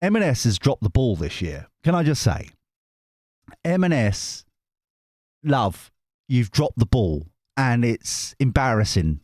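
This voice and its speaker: A man's voice: mid-range voice, big pitch swings, unhurried, long pauses, a little mellow, no echo, studio quality. A British man hosting his tarot channel, chatting casually to viewers in a jokey, rambling way that keeps breaking off and restarting. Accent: British English. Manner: chatty, jokey, self-interrupting and digressive. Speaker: tarot reader and channel host.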